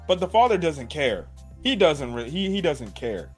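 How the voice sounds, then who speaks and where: A man giving a casual, animated recap of an anime episode, swearing and saying "like" a lot. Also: a little high, normal speed, slightly rough, soft background music. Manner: animated, swears, many "like"s and "right?". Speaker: anime reviewer.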